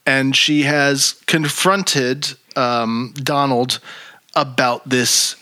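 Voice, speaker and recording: A man's voice: mid-range voice, fairly even intonation, extremely slow, sharp tone, no echo. A man co-hosting a podcast, joking and swearing casually as he recaps a sitcom episode. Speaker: podcast co-host. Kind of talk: casual chat.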